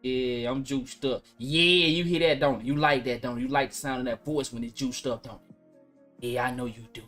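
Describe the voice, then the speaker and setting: Man doing a deep slow voice, teasing, low, swaggering, show-off. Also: fairly even intonation, a bit bright, soft background music, lightly acted. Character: deep, "juiced up" man bragging about his voice.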